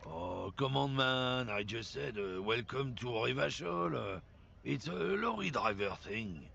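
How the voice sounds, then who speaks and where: Gruff, surly lorry driver. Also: male voice, medium pitch, animated, a little slow, sharp tone, a little hiss or hum, exaggerated voice. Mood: defensive. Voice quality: gruff, dismissive. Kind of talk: video game voice acting. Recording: dull game audio.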